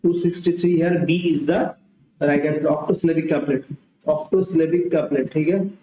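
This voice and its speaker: A man's voice: a little high, steady tone, fairly quick, mellow, slight background noise. Male tutor, repetitive and thinking aloud, muffled roomy sound. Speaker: exam tutor. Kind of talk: mock test lecture. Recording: dull, roomy home recording.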